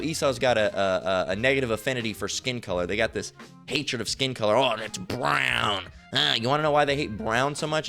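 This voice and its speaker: A man giving informal online Bible teaching, rambling and profane, repeatedly asking "all right?" and slowly reading verses aloud. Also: mid-range voice, fairly bright tone. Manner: reads scripture aloud slowly.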